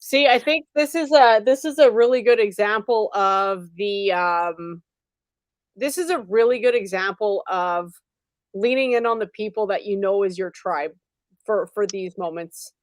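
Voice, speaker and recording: A woman's voice: medium pitch, a little slow, dry recording. Woman host, chatty and opinionated, dry close sound. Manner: conversational, opinionated, loose phrasing. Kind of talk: talk show commentary.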